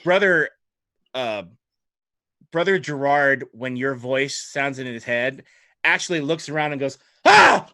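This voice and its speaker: A man's voice: medium pitch, sharp tone. A playful man narrating as game master of a tabletop game, laughing easily.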